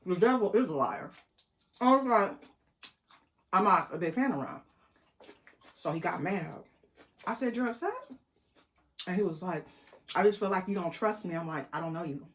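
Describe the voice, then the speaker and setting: Animated woman telling a story. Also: fairly low pitch, moderate pace, pauses often. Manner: animated, quotes people in voices, laughs. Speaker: vlogger. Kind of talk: casual storytelling.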